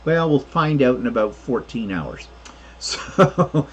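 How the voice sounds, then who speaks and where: A man's voice: medium pitch, sing-song, slow pace, husky, highs cut off. A man co-hosting a casual crafting livestream, rambling through explanations of his 3D printing projects with plenty of fillers.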